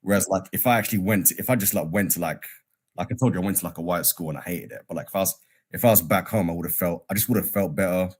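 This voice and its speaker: Deep husky young British man calling in. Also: racing, darkish tone. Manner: rambling, many "like" fillers. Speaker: caller. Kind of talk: casual call-in chat.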